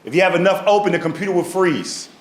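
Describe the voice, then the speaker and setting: A man's voice: reverberant, natural voice. A comedian putting on a bossy old doctor lady. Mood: lecturing. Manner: blunt, scolding, drawn-out high delivery. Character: brash older woman doctor on a video call, blunt and bossy. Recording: live audience laughter.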